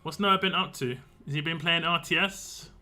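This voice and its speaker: A man's voice: a little high, normal speed, pushed and bright. A man, a game streamer, chatting casually and rambling on a live stream, laughing often.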